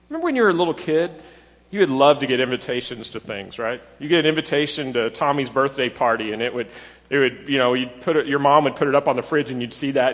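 A man preaching a sermon as a pastor, in a conversational, animated way, sometimes acting out people in a high, excited voice. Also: big-room sound.

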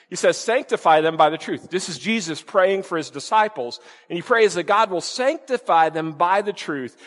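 A man's voice: high voice, fairly bright tone, in a large hall. A man, a pastor, preaching an emphatic sermon, asking his listeners rhetorical questions and repeating key words.

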